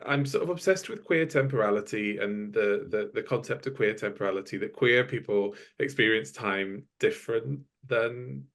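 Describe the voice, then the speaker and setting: A man's voice: lowish voice, normal speed, vocal fry, few pauses, fairly bright tone. A man who is a guest on a podcast, thinking aloud about a film, stammering and restarting as he works out his ideas. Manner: thoughtful, hesitant, stammers. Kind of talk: casual film discussion.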